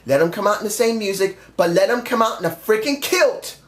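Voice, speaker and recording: A man's voice: high voice, expressive, a little fast. A man reviewing a wrestling show in a casual vlog, talking emphatically, ranting at times and swearing freely. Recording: echoey room.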